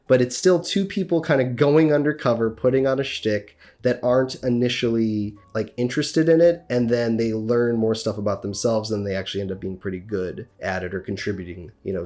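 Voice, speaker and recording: A man's voice: lowish voice, darkish tone. A young adult man hosting a podcast in a casual, chatty way, with lots of fillers. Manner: chatty, uses many fillers. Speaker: podcast host.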